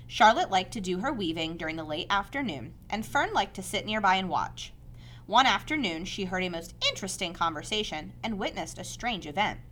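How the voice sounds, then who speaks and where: A woman narrating a children's novel aloud with measured, expressive storytelling. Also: mid-range voice, a little hiss or hum.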